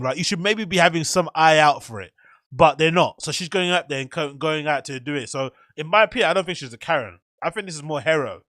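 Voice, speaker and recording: A man hosting a show, excitedly reacting to a video with slangy, swearing commentary. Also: a little high, no room sound, clean studio sound. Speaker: host.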